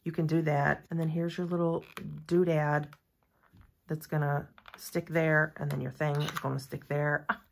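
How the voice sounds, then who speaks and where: A woman's voice: deep voice, little pitch movement, measured pace, creaky, slight background noise. A woman doing a casual unboxing review of nail gear, chatty and gushing, with rambling asides. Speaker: nail content creator reviewing a product.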